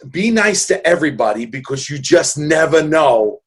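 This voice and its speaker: A man's voice: fairly high pitch, sing-song, normal speed, husky. A man in his sixties from New York City, telling stories in an interview in an earnest, joking way with many restarts. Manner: earnest, jokey, rambling with restarts. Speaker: guest. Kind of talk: casual interview storytelling.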